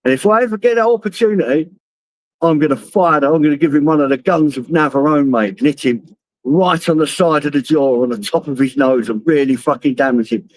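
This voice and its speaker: Driving along, a middle-aged live streamer with a London accent chats casually to viewers on his phone, wandering from topic to topic, swearing freely and cracking himself up with his own stories. He speaks a little fast in a voice on the high side, captured in a dry, poor-quality recording.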